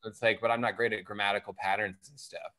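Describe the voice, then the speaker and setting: Casual American guy, young adult, lower voice, easy laugh, rambling podcast chat. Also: quick pace. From United States. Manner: laughs often, relaxed rambling. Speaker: podcast guest.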